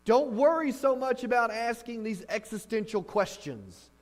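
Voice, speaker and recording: A man delivers a sermon in a high voice that carries through a large, reverberant hall. He tells stories with animation and acts out reactions, and a faint mains hum sits under the recording. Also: moderate pace. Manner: animated storytelling, acting out reactions. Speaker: pastor. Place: church hall.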